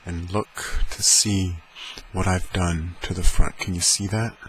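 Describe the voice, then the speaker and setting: A man records an ASMR video at home, talking in a slow, deep, soft voice that stays steady while he playfully rambles through sound demonstrations. A heater fan hums in the room, and the low-quality recording picks up its noise.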